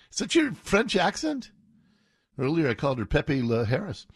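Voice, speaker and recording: A man's voice: a little high, huge pitch swings, moderate pace, husky, no echo, clean studio sound. A man hosting a political commentary show, talking through clips with sarcastic, mocking asides. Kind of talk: opinionated news commentary.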